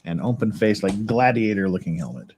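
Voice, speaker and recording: A man's voice: fairly low pitch, lively intonation, fairly quick, a little mellow, a little hiss or hum. A man streaming casually as he builds Lego, rambling, joking and swearing to himself. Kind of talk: casual live-stream chat.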